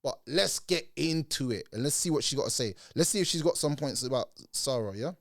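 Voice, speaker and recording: A man ranting in reaction commentary, animated and mocking. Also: medium pitch, a little fast, gravelly, no echo. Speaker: commentary channel host.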